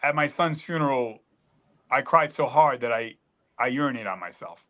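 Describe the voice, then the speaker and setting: A man's voice: mid-range voice, expressive, normal speed, fairly bright tone. A middle-aged man telling a painful personal story on a panel, earnest and emphatic, choked up at times. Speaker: panel guest.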